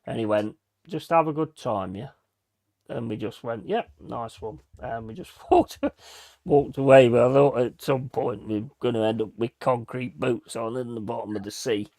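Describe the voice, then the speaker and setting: A man's voice: medium pitch, normal speed, a little mellow. A man hosting a live stream, telling holiday stories in casual chat, swearing freely and acting out what others said. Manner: swears freely, acts out quoted voices. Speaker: host.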